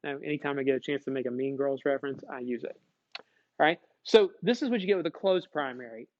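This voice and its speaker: A man teaching a classroom lecture, lively, acting out short dialogues as he explains. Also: mid-range voice, fast, dull audio. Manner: animated, acts out little dialogues.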